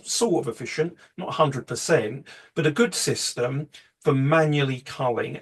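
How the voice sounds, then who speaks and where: A man's voice: medium pitch, slightly rough. A man presenting a photography workshop in a casual, rambling way, full of fillers and restarts.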